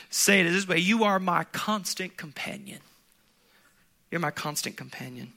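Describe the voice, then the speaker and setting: A man preaching a sermon, swinging from loud emphatic peaks to hushed low passages, with laughs between points. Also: gravelly. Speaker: pastor.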